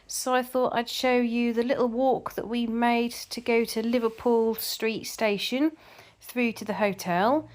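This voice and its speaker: A woman's voice: a little high, fairly even intonation, measured pace. A middle-aged woman from England chatting casually with viewers, reading out their comments and telling stories, often repeating herself. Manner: chatty, repeats words, tells anecdotes. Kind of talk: casual chat.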